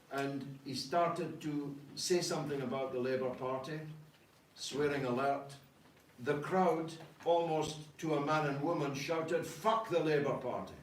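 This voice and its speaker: Emphatic man speaking in an echoey room. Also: fairly high pitch. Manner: emphatic, rhetorical, frequent "uh" pauses. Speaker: party leader answering questions. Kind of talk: political talk to an audience. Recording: echoey room, distant mic, faint noise.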